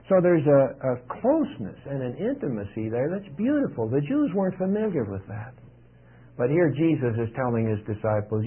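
A man's voice: medium pitch, slightly rough. A middle-aged man pastor, preaching a sermon in a plain, conversational way to his congregation. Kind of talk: sermon teaching. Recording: tinny lo-fi radio broadcast.

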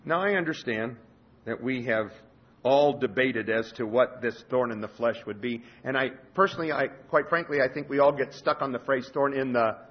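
A man preaching a sermon with passion, swinging between loud urgency and quiet intensity. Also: mid-range voice, moderate pace. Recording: dull lo-fi sermon recording.

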